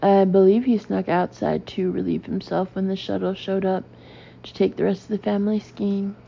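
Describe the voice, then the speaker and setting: A woman narrating a comic memoir audiobook in a dry, deadpan way. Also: mid-range voice, normal speed, gravelly, husky, dull audio.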